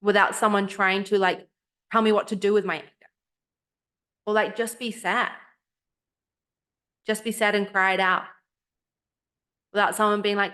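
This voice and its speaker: Woman podcast cohost, mid pitch, thoughtful and heartfelt, acts out quotes. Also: flat delivery, moderate pace, long pauses, fairly bright tone. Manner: reflective, earnest, acts out quoted voices. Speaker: podcast co-host. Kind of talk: casual chat.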